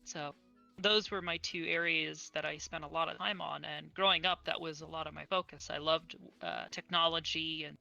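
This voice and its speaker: A woman's voice: deep voice, fairly even intonation, moderate pace, creaky, sharp tone, highs cut off, soft background music. A young woman speaking as an interview guest in casual chat, earnest and enthusiastic, on an online voice call.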